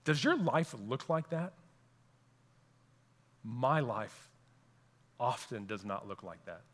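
A man's voice: medium pitch, lively intonation, takes it slowly, in a large hall. A man preaching a sermon as pastor, earnest and repeating key phrases for emphasis.

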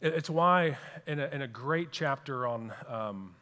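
A man's voice: medium pitch, measured pace, sharp tone, in a large hall. A man preaching a sermon as pastor, earnest and repeating key phrases for emphasis.

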